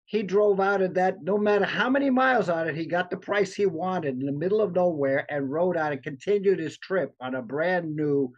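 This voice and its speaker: Higher-voiced man telling a rambling story. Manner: halting, restarts, acts out quoted lines. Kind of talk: casual storytelling. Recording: dull lo-fi sound.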